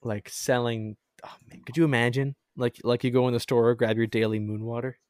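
A man's voice: medium pitch, flat delivery, fairly quick, a little mellow, dry recording. Brief: chatty male host, mid-range voice, rambling and laughing, dry close sound. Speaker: podcast host. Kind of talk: casual chat.

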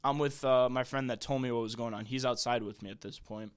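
A man's voice: medium pitch, steady tone, a little fast, smooth. Rambling young man telling a story. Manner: rambling, heavy on "like" and "bro", laughs often. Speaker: podcast guest. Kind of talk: casual storytelling chat.

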